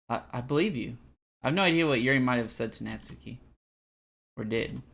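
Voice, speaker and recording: Bright, rambling young male streamer. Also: medium pitch, a little fast. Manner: rambling, animated, self-deprecating. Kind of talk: live game playthrough commentary.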